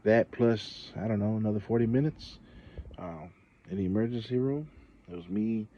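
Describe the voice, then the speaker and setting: A man's voice: lowish voice, normal speed, lo-fi sound, slight background noise. A man, a parent, talking to his viewers in a casual vlog monologue, telling a story with exasperated, indignant emphasis. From Samoa. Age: adult parent. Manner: frequent fillers and restarts, conversational. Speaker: channel host.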